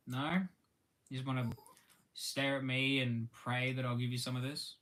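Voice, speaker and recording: A young man with an Australian accent chatting casually on a live stream while eating lunch, halting often with ums and restarts and greeting viewers by name. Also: mid-range voice, flat delivery, fairly bright tone, slight background noise.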